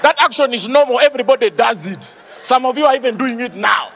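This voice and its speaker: Animated stand-up, very high voice, yells the punchlines; live-stage noise underneath. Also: male voice, fast talker, a crowd in the background. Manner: animated, shouts punchlines, acts out characters. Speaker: stand-up comedian. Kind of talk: stand-up comedy routine.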